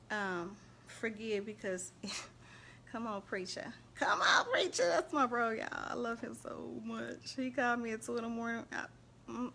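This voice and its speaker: A woman hosting a casual faith and relationship live stream, chatting animatedly and shouting out viewers by name. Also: on the high side, slight background noise.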